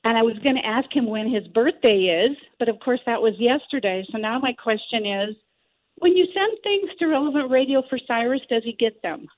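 A woman's voice: fairly high pitch, expressive, normal speed. Agreeable woman caller over a tinny phone. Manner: agreeable, says okay often.

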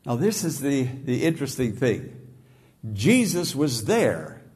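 A pastor preaches with a husky, slightly breathy voice. He speaks slowly and deliberately, suddenly lifting his pitch and volume for emphasis. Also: huge pitch swings, darkish tone. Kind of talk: sermon.

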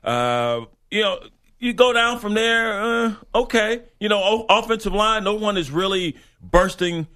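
A man's voice: high-pitched, lively intonation, a little slow, pushed and bright. A man co-hosting a casual sports talk show, rambling through player picks with many stops and restarts.

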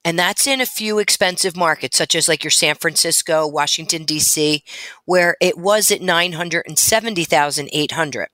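A woman's voice: low-pitched, moderate pace, sharp tone, dry recording. A woman co-hosting a talk radio show, explaining mortgage rates and loan figures. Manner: informative, reads out figures. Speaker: radio co-host, mortgage expert.

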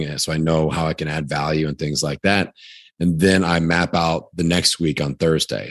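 A man talking as a podcast guest about his work week, upbeat and quick, with plenty of "like" fillers. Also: very deep voice, dry recording, clean studio sound. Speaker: podcast business coach, guest. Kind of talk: casual interview talk.

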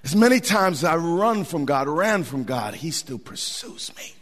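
A man preaching a sermon as pastor, animated and folksy, repeating words for emphasis. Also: a little high, a little slow. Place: church sanctuary. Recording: long hall reverb.

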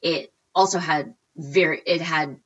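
Woman, 40s, animated interview guest; bright, slightly low voice, dull recording. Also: unhurried. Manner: animated, acts out quotes with big pitch jumps. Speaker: guest, recipe blogger. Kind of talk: casual storytelling interview.

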